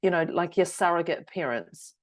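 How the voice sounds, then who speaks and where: Chatty woman telling lively stories. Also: fairly low pitch, moderate pace. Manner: animated storyteller, acts out quotes, laughs a lot. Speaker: podcast co-host. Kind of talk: casual podcast chat. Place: New Zealand, remote call.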